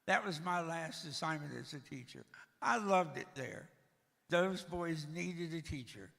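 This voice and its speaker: A man's voice: fairly high pitch, lively intonation, measured pace, creaky, a bit bright, big-room sound. An older man giving a storytelling talk at a church, with a dry, joking manner. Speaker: guest speaker.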